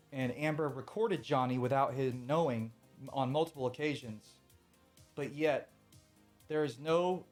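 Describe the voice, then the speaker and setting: A man ranting on a live stream in a casual, emphatic way, swearing often and repeating his points. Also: a little high.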